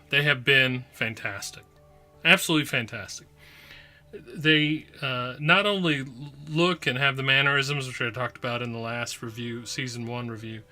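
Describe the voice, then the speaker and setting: A man's voice: medium pitch, sharp tone. A man hosting his own podcast, talking casually and playfully with lots of repetition and asides. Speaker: podcast host. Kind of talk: casual solo review.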